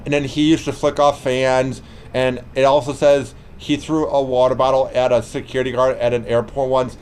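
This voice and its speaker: A man's voice: medium pitch, slight background noise. A young man hosting a college radio show, chatting casually and joking about sports. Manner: relaxed, joking, laughs easily. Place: small college radio studio.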